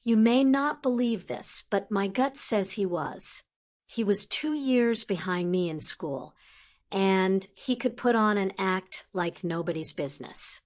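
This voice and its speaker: A woman's voice: medium pitch, a little slow, a little mellow, natural voice. A woman reading an audiobook, voicing a frank, wry grown male wizard in a conversational tone.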